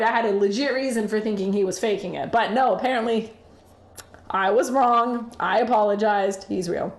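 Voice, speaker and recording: A woman's voice: medium pitch, normal speed. Chatty woman, echoey room. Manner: animated, chatty, swears freely, laughs often. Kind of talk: casual storytelling to camera.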